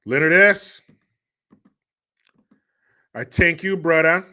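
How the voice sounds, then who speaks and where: A man's voice: medium pitch, very animated, measured pace, pushed and bright. A man hosting a livestream, telling family stories in a joking, crude way and laughing often. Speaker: host. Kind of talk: casual livestream talk.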